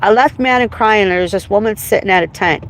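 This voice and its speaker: Driving and livestreaming, a woman with a medium-pitched voice vents at a brisk clip in a rambling, emotional, profane monologue. The audio is poor, with car and road noise in the background.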